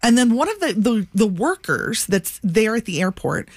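A woman co-hosting a morning radio show, telling a story in an animated way. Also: a little high, moderate pace, no echo. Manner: animated storytelling, laughing, acting out voices. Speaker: radio co-host. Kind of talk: casual morning radio banter.

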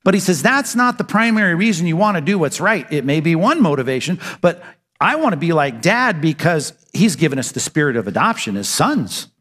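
A man with a fairly high voice preaches a sermon, putting questions to his listeners and answering them himself. His voice trails off into the long reverb of a hall. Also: big pitch swings, fairly quick, fairly bright tone. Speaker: pastor.

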